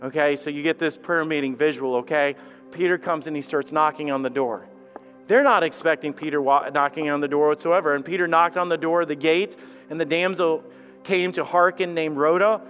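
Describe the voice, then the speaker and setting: A man preaching a sermon as lead pastor, impassioned, swinging from hushed to loud and repeating phrases. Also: on the high side, fairly quick, faint music behind.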